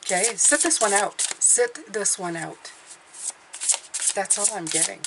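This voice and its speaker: A woman's voice: mid-range voice, animated, unhurried, creaky, heavy background noise. A woman giving an intuitive tarot reading, speaking in a meandering, hesitant way as she thinks aloud. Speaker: tarot reader.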